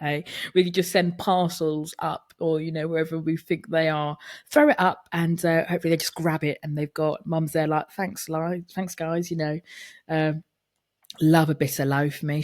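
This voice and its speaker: Woman, low-pitched, dry close mic, chatty podcast host. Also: no room sound. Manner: candid and chatty, acting out family dialogue. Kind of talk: personal reflective monologue.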